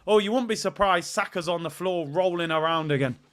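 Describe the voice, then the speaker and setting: A man's voice: high-pitched, a little fast, fairly bright tone. A man, hosting a live football watch-along and ranting in exasperation and sarcasm.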